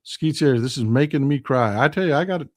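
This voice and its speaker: A Texan man hosts a casual live stream, reading out viewer comments. His voice sits at an ordinary middle pitch. He talks with passion, rising into loud outrage and then dropping to quiet, hushed replies. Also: lively intonation, a little fast.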